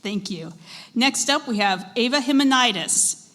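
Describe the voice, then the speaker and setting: A woman with a slightly raised pitch announces contestants and words at a school spelling bee. She reads each definition slowly and deliberately, in a formal competition style. Her prompts to the young spellers stay patient and courteous. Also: lively intonation, pushed and bright. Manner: measured, deliberate reading of words and dictionary definitions. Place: school event hall.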